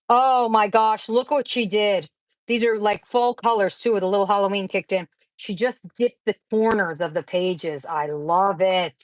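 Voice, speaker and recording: Woman, craft stream host, rambling casual chat, gushing, mid pitch, dry close sound. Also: animated, moderate pace, dry recording, poor audio. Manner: chatty and rambling, gushing over craft mail. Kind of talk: casual livestream chat with viewers.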